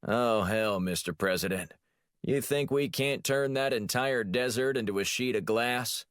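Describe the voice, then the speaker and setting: A man's voice: medium pitch, a little slow, fairly bright tone, clean tone, no echo, studio quality, pitched above the performer's own voice, natural voice. A man voicing an agent doing a swaggering Texan-accented boss impression. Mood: boastful.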